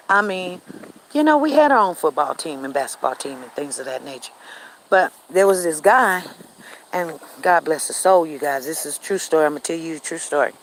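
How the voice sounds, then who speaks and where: A woman vlogging on an outdoor walk, telling stories in a chatty, animated way and talking straight to her viewers. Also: low voice, a little hiss or hum, rough recording. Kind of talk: casual storytelling to viewers.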